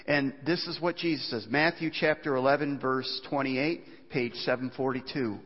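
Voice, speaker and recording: A man preaching a sermon as pastor, animated and often voicing cries of despair. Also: mid-range voice, normal speed, hardly any pauses. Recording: dull sound, long reverb of a large hall.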